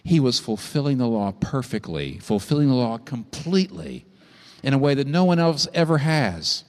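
A male pastor delivers a sermon with a lively, animated voice that swoops up high for emphasis and drops low for weight. His words ring out in a large hall with a long reverb trailing behind them. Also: normal speed. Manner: impassioned preaching, rising sharply in pitch for emphasis.

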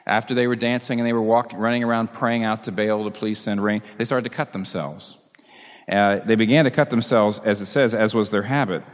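A man preaching a sermon as a pastor, telling the story in a lively way and chuckling along with it. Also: lowish voice, brisk, long reverb tail.

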